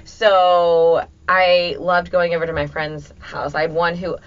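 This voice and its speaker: Woman guest expert, low voice, relaxed conversational delivery, dull lo-fi recording. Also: measured pace. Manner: easygoing, explains with everyday examples. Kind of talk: casual podcast conversation. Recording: dull lo-fi audio.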